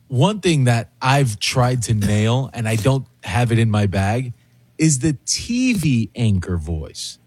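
A man's voice: medium pitch, sing-song, a little slow, a little mellow, slightly rough, no room sound, faint music behind. A man co-hosting a radio show, teasing the others with dry, playful humor. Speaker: radio co-host. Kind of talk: casual morning radio banter.

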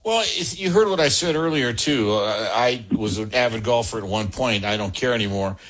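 A man hosting a call-in sports radio show, brisk and joking as he keeps the calls moving. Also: mid-range voice, fairly bright tone.

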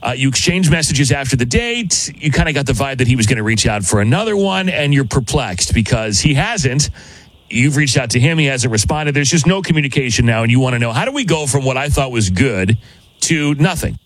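Male morning radio host, fast, animated delivery, quick to interrupt. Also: medium pitch, dry recording, poor audio. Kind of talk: morning radio call segment.

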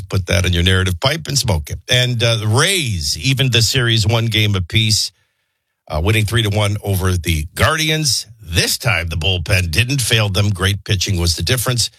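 A man's voice: fairly low pitch, expressive, normal speed, a bit bright, husky, dry recording. A man hosting a morning radio show, reading the news with opinionated, sardonic asides. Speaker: radio talk show host.

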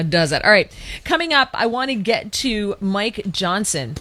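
A woman's voice: medium pitch, very animated, a little slow, a bit bright. A middle-aged woman hosting political commentary, chatty and sarcastic, reading quotes aloud and reacting to them. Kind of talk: opinionated commentary.

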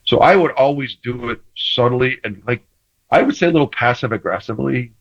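A man and former quarterback telling stories in casual sports talk, animated, acting out the banter he quotes, with many restarts. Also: medium pitch, a little fast, lo-fi sound.

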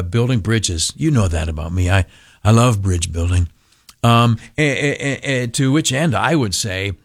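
A man hosting talk radio, giving sarcastic political commentary with many fillers and restarts. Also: medium pitch.

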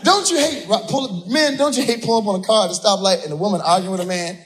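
A man doing a stand-up comedy set, exasperated, shouting his punchlines and laughing through them. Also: high voice, quick pace. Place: comedy club stage. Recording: live club audio with crowd noise. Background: audience laughter.

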